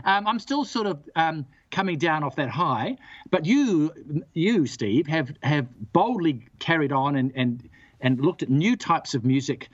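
A jovial male radio host keeps the chat light and easygoing. His voice sits a little high and has a husky edge. The recording is dry but muffled and lo-fi. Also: lively intonation, measured pace, no room sound.

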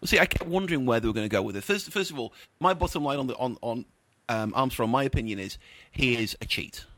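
A man's voice: mid-range voice, animated, quick pace, a bit bright, no room sound. Dry, scathing male film critic. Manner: scathing and opinionated. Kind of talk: casual radio chat reviewing a film.

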